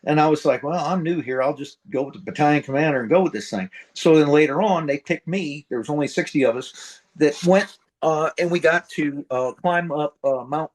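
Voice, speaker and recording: A man's voice: fairly high pitch, brisk, low-quality recording. Blunt, profane, rambling veteran man. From central United States. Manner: rambling, profane, blunt, voices sound effects. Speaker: retired Marine sergeant major, guest. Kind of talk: casual storytelling interview.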